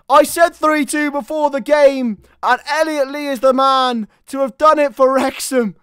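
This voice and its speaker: Excitable male football commentator. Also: very high voice, no room sound, clean studio sound. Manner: excitable, bursts into shouts at chances and goals; chatty asides to listeners. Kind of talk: live football match commentary.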